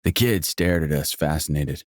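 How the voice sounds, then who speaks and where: Deep-voiced male audiobook narrator. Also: normal speed, no echo, studio quality. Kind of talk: first-person audiobook narration.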